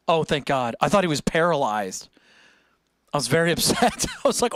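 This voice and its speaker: A man's voice: on the high side, sing-song, moderate pace, a bit bright, no room sound, clean studio sound. A young man hosting a music livestream, rambling and joking with his chat and laughing often. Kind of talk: casual chat with live chat.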